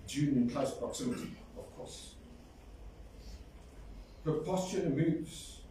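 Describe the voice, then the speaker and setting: A man with a somewhat high, dark-toned voice speaks slowly as he delivers a fond, storytelling eulogy at a funeral and sings a folk song. He's in a large, echoey hall, recorded from a distance with faint background noise.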